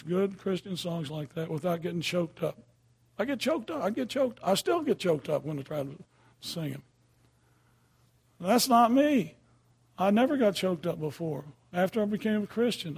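Gravelly older man preaching, folksy. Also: high-pitched, darkish tone. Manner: folksy, conversational, frequent "okay?" checks. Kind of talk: sermon.

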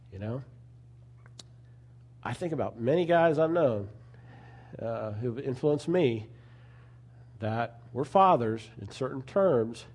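Male preacher, conversational sermon delivery, earnest, mid pitch, relaxed dark timbre. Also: husky. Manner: conversational, earnest, with asides like "you know".

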